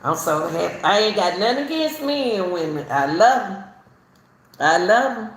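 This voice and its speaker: A middle-aged woman from Chicago tells her own story in a casual, animated way, laughing often and repeating herself. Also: medium pitch, moderate pace. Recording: roomy echo, faint ambience.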